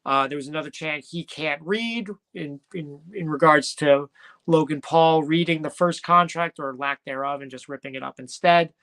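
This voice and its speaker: A man's voice: fairly high pitch, steady tone, moderate pace, a bit bright. A man co-hosting a casual wrestling recap, rambling and joking and correcting himself as he goes. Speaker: podcast co-host.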